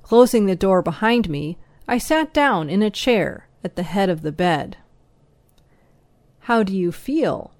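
A woman reading a first-person story aloud as an audiobook narrator, slow, even and measured. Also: medium pitch, dry recording.

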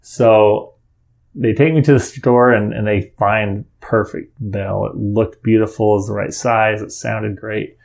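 A middle-aged father tells a story from his own life in a casual, earnest way. His voice sits low and carries a strong gravelly rasp. He rambles and keeps restarting his sentences. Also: steady tone, unhurried, darkish tone. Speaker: father telling a personal story.

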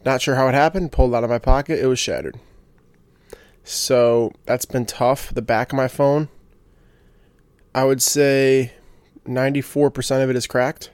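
A man's voice: mid-range voice, fairly even intonation, moderate pace, long pauses, a little mellow, smooth, no echo. A young man hosting a casual solo podcast, rambling with lots of fillers and restarts and getting fired up about sports. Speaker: podcast host.

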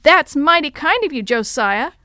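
A woman voicing a gruff, steady older man, a protective uncle, with a firm, level delivery. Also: on the high side, normal speed, dry recording, studio quality, close to an everyday voice. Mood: stern.

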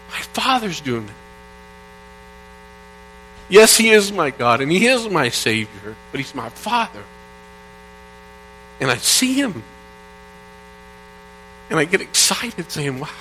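A middle-aged man from Indiana preaches a sermon with a fairly high voice. He reads psalms earnestly, dropping soft and then rising loud. A faint mains hum sits under the recording. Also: sing-song, takes it slowly, pauses often. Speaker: pastor.

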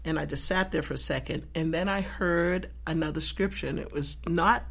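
Expressive woman telling a faith story. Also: low-pitched, normal speed, vocal fry. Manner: expressive, acts out the dialogue in her story; earnest, faith-filled. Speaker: guest sharing a testimony. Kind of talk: animated storytelling.

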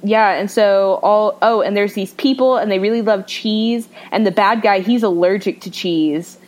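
A woman's voice: mid-range voice, moderate pace, a little mellow, rough recording. A young woman co-hosting a podcast, chatting casually and gushing with jokey enthusiasm. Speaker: podcast co-host. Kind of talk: casual chat.

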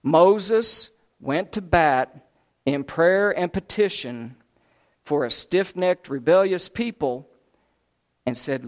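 A man's voice: on the high side, lively intonation, slow pace. A man preaching a sermon in a folksy, conversational storytelling way.

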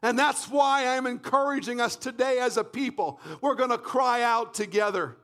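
A man from Canada preaching a fervent sermon, often shouting and repeating phrases in a church. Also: extremely high pitch, moderate pace. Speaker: pastor.

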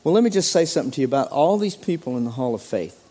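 Racing through his sermon, an animated male pastor acts out quoted voices with sudden jumps in pitch.

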